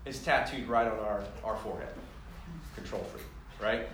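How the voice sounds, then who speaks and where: A man giving a sermon in a conversational, self-deprecating way, growing animated as he tells personal stories. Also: on the low side, normal speed, a little hiss or hum. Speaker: pastor. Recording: echoey room heard from a distance.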